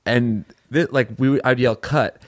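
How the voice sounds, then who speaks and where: A man's voice: medium pitch, steady tone, moderate pace, dry recording, clean studio sound. A young man chatting casually as a podcast co-host, rambling with lots of fillers and restarts. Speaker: podcast co-host and series director. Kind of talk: casual chat.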